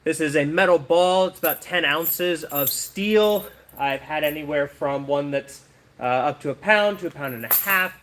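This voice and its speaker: Casual male streamer, slightly high voice, noisy recording. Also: fairly bright tone, recorded from a distance. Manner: chatty, thanks viewers between practice throws. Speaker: livestream host. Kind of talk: casual live-stream chat. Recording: echoey room with noise.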